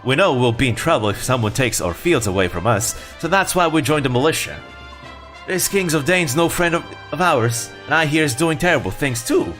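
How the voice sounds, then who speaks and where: A plain-spoken country militiaman who talks in a homespun, halting drawl, as a man puts him on. Faint game music plays behind. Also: medium pitch, fairly bright tone. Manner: folksy, halting, attempted rural drawl.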